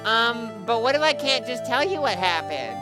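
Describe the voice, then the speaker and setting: A woman's voice: on the high side, sing-song, brisk, over loud music. A woman putting on a timid little girl. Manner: hesitant, stammering. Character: shy little girl medium-in-training, timid and sweet. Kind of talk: voicing video game dialogue on a livestream.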